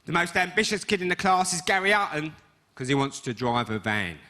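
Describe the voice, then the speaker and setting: A man's voice: fairly high pitch, fairly quick, pushed and bright. A man with an East London accent doing a stand-up comedy routine, with a wry storytelling delivery. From England. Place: comedy stage, live audience. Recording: live audience noise.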